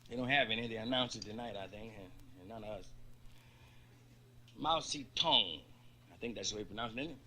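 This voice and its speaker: A man's voice: on the low side, fairly quick, pauses often, sharp tone, a little hiss or hum. A man doing a stand-up comedy routine who tells jokes loosely, with stammers and asides.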